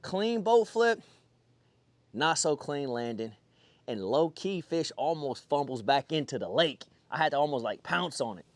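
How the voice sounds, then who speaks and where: A young man from California tells a story from his day on the water. He talks fast and loose, full of slang, and acts out what he thought in the moment. The recording is dry and close, with little room sound. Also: mid-range voice, no echo. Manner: excitable, slangy, retells his own thoughts aloud. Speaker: pro bass angler. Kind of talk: casual fishing vlog storytelling.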